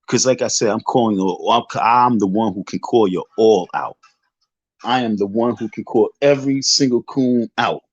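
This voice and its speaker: Husky tipsy New man taunting. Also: medium pitch, no room sound. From Southside Jamaica, Queens, New York. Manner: boastful, taunting, slangy street talk. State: tipsy from drinking. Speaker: livestream host. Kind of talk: unscripted livestream rant. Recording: dull lo-fi stream audio.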